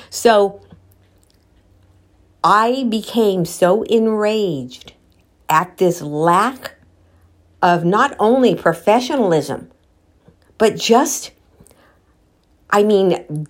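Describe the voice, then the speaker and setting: A woman vlogger telling a personal story while out walking, candid and animated, quoting what people said and talking to her viewers directly. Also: medium pitch. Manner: candid, animated retelling with quoted dialogue; addresses viewers directly as guys.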